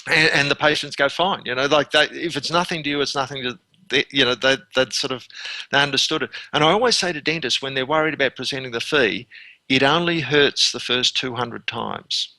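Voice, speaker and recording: A man's voice: medium pitch, quick pace, sharp tone, no echo. An Australian man in his fifties, a dentist guest telling earnest anecdotes with frequent restarts. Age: 50s. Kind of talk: conversational interview.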